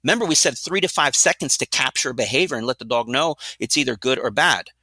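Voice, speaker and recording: A middle-aged dog trainer, appearing as a guest, explains his methods in an energetic, blunt, fast-talking style, often asking rhetorical questions. His medium-pitched voice sounds keen and very bright. The recording is dry and close, with no echo, in an explanatory interview format.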